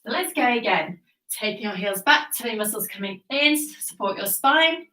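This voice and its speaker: A woman instructor talks a class through a Pilates routine with calm, encouraging cues. Her voice is bright and a bit sharp, and it sits back from the mic in a roomy, echoing space. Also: medium pitch, brisk, far from the mic. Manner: encouraging, calm cueing with breath counts. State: slightly out of breath. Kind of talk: guided workout instruction. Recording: echoey room, voice off-mic.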